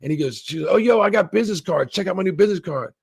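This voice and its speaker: A man with a somewhat high, gravelly voice rambles through a casual episode review, swearing freely and slipping into bits of the characters' dialogue. The sound is close and dry, with no room around it. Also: expressive, rapid-fire, no room sound. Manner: rambling, swears a lot, acts out quoted lines. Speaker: show reviewer. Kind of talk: casual profane recap and review.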